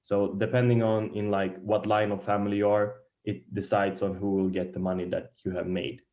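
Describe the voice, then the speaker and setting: Halting low-voiced man lecturing. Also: level tone, lo-fi sound. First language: Swedish. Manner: halting, searches for words, many restarts. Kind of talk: beginner investing lecture. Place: lecture room.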